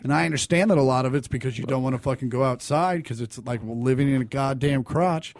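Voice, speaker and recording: A man's voice: medium pitch, quick pace, dry recording, studio quality. A man in casual podcast chat, ranting in an exasperated, profane way.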